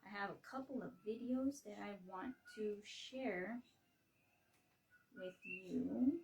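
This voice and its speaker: Slow, halting woman from Hawaii. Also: medium pitch, vocal fry, a little mellow, far from the mic, a little hiss or hum, rough recording. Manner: slow, halting, with many fillers and restarts. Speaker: livestream host. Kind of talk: casual explanatory livestream talk.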